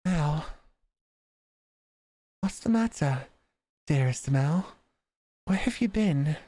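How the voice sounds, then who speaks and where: A man voicing a sickly, gentle young sister who softly reassures her brother. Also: a little high, animated, takes it slowly, no room sound, pitched above the performer's own voice. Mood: soft, reassuring. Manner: soft, reassuring, hides her illness. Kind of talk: visual novel read-aloud.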